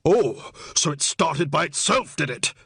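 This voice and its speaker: A male narrator puts on an enraged man in an audiobook, his gravelly, slightly husky voice leaping up and down as he hurls accusations. He drags the words out slowly, recorded dry and close. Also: a little high, big pitch swings, no room sound, exaggerated voice. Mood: furious. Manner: furious, disbelieving shouting.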